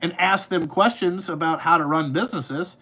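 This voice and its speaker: A man's voice: on the high side, moderate pace, pushed and bright. A man ranting angrily into his podcast mic, swearing constantly and rambling with repeated fillers. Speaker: podcast host, trucking business owner. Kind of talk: profane ranting monologue.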